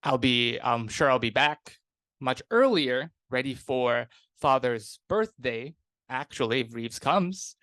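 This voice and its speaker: A man's voice: mid-range voice, lively intonation, slow, a bit bright, dry recording. A man voicing a cocky young noble monster hunter who talks in a breezy, boastful way.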